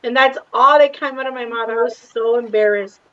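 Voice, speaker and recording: A woman's voice: on the high side, a little fast, a bit bright, dry recording, highs cut off. A woman co-hosting a casual chat, chatty and mixing in Spanish words. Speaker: co-host.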